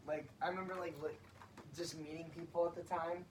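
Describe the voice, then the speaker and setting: Rambling young man, slightly high voice. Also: flat delivery, brisk. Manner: rambling storyteller, heavy on filler "like". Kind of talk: casual podcast chat. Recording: distant mic with clear background noise.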